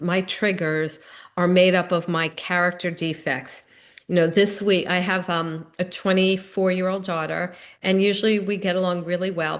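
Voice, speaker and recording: A middle-aged woman giving a recovery meeting talk, telling personal stories in an earnest, conversational way. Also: on the low side.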